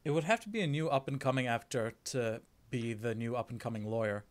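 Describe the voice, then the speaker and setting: A man hosting a relaxed game stream, trading jokes with his co-player. His voice sits at a mid pitch and often sinks into soft, muttered asides. The delivery is loose and conversational. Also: fairly quick. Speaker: streamer host. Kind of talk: casual stream banter.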